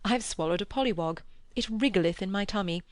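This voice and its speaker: A woman's voice: mid-range voice, a little fast, no room sound, close to an everyday voice. Boisterous young man, jokey and mock-dramatic , read by a woman, dry audiobook sound. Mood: joking.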